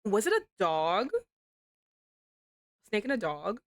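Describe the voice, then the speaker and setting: A woman streamer chatting casually to her viewers while getting over a cold, with a slight rasp in her throat, giggly and chatty with sudden animated outbursts. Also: mid-range voice, takes it slowly, no room sound. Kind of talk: casual live-stream chat.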